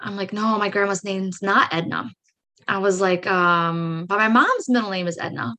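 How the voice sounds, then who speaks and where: This is a woman hosting her own podcast and telling a spiritual story in her own words. Her voice sits in a middle register. She is casual and animated, throws in "like" and "right?", and acts out how she reacted. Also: medium pitch, moderate pace. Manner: chatty, says "like" and "right?" often. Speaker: podcast host. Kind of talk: personal storytelling monologue.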